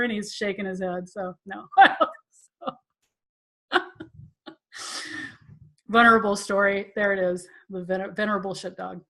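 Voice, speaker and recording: A woman's voice: mid-range voice, normal speed, long pauses, fairly bright tone. A woman tantra teacher hosting a live Q&A, telling stories in a chatty, self-mocking way and laughing often. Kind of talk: casual storytelling to a live audience.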